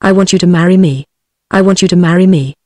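A computer-generated woman's voice with a British English accent reading the lines of a soft, insistent young farmhand in an audiobook. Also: lowish voice, fast talker, no echo, clean studio sound, close to an everyday voice. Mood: softly insistent. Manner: softly insistent, repeating himself.

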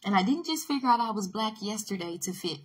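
A woman's voice: medium pitch, lively intonation, fast, breathy edge. A woman vlogger delivering an emphatic, scolding opinion rant to camera, hammering her points home through repetition. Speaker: political commentary vlogger.

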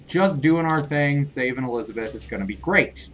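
A man's voice: medium pitch, animated, normal speed, fairly bright tone. A young man playing a video game and commenting as he goes, rambling and flustered, laughing off his own mistakes and scolding enemies in a jokey way. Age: young adult. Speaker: gamer playing through a shooter. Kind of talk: let's play commentary.

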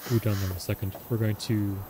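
A man's voice: fairly low pitch, fairly even intonation, fast talker, background noise. A man giving casual commentary over a survival game, chatting and musing aloud as he plays. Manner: chatty, muses aloud, reads in-game text. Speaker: gameplay commentator.

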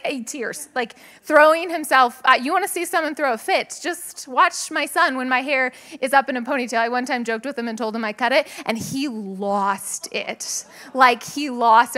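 Woman, pastor, conversational sermon, high pitch, crisp bright tone, frequent laughs. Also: moderate pace. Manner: chatty, laughs often, lively asides to the congregation. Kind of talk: conversational sermon with personal stories. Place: church sanctuary with a live congregation.

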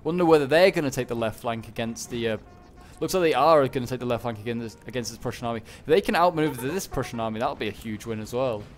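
A man's voice: mid-range voice, fast, a little hiss or hum. Rambling male gameplay commentator. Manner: rambling, many fillers and restarts. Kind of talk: casual game commentary.

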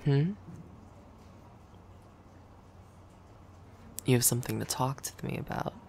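Lady doing a sarcastic coworker gal in an audio roleplay, kinda gravelly, dry and dismissive but grudgingly soft. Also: rumbling low, quick pace, a little hiss or hum. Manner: dry, dismissive teasing that turns grudgingly gentle. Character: blunt, sarcastic woman office coworker who curses. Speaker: audio role-play performer. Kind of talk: scripted audio role-play.

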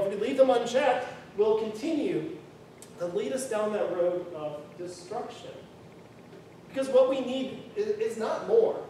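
A man's voice: high-pitched, warm tone. A man preaching a sermon in a conversational, earnest way, often restarting and saying "you know", in a church. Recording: very echoey room, far from mic, faint noise.

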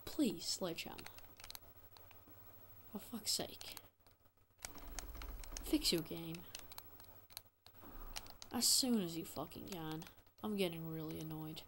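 A man's voice: fairly high pitch, slow pace, pauses often, a bit bright, slight background noise. A man giving an angry, profanity-heavy rant as gameplay commentary, sounding exasperated throughout. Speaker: gaming channel host.

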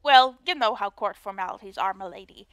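A woman voicing a very old male castle guard with a put-on Cockney accent, gruff, foggy but capable. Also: mid-range voice, fairly quick, fairly bright tone, no echo, close to an everyday voice. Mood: weary.

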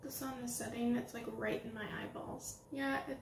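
A young woman doing a casual makeup tutorial at home, gushing and excitable as she talks while applying makeup. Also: on the high side, moderate pace, slight background noise. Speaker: beauty vlogger. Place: home room with setting sunlight. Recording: roomy home recording with faint ambience.

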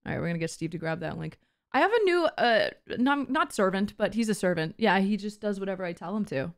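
A woman's voice: mid-range voice, expressive, fast talker. A woman hosting a casual chat stream, playful and teasing, often flustered, now and then slipping into a mock posh accent. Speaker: streamer host.

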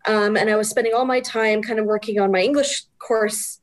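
A middle-aged woman, a guest, telling stories in an animated way and often laughing. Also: mid-range voice, a little fast. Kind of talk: casual interview chat.

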